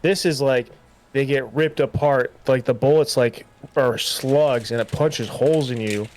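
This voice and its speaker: A man's voice: medium pitch, steady tone, a little mellow, a little hiss or hum. Laid-back male co-host. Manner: laid-back, chiming in with reactions and quick asides. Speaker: podcast co-host. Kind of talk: casual movie review chat.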